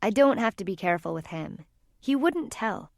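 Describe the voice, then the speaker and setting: A woman's voice: medium pitch, sing-song, normal speed, gravelly, no room sound, clean studio sound. A woman voicing a shy, curious teenage girl in an audiobook, speaking hesitantly. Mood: defensive. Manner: hesitant, slightly nervous speech. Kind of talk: audiobook character reading.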